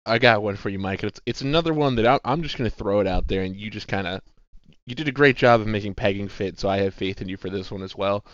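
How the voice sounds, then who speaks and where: Male contestant, low voice, crude enthusiastic banter, dry muffled recording. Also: fast, a bit bright, dry recording. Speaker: game show contestant. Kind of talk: casual banter during a game. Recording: dull, dry lo-fi mic.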